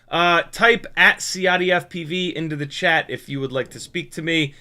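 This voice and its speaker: A man's voice: a little high, normal speed, hardly any pauses, sharp tone. A man reading out chat on a casual live stream from his home workshop, rambling with self-mocking asides and frequent restarts.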